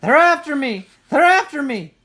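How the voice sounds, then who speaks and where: A woman's voice: a bass voice, big pitch swings, measured pace, fairly bright tone, slight background noise, exaggerated voice. A woman voicing an eager young boy bear cub in a storybook reading. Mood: panicked.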